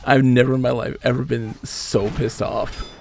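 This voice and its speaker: A man in his late thirties streams a game from home and tells stories as he plays. His voice sits at an ordinary pitch with a gravelly edge. He talks animatedly, acts out the people he quotes, and swears casually. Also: little pitch movement, normal speed, darkish tone, faint music behind. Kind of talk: casual storytelling while gaming.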